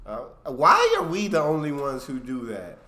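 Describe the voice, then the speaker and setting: A man hosting a reaction video, talking in a casual, animated way and often laughing and repeating himself. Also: on the high side, moderate pace, roomy sound. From United States.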